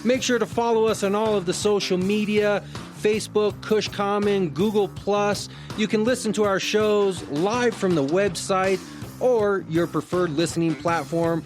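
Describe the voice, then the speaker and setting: This is a male podcast host with a somewhat high voice who asks friendly, plain questions and reads out the show's sign-off. Faint music sits quietly underneath him. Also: unhurried. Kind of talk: interview hosting.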